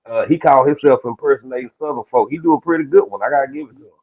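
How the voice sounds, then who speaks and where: A man's voice: medium pitch, rapid-fire. A man hosting a live stream, talking in a loose, slangy way and greeting viewers by name. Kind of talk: casual chat on a live stream. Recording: phone-like thin line.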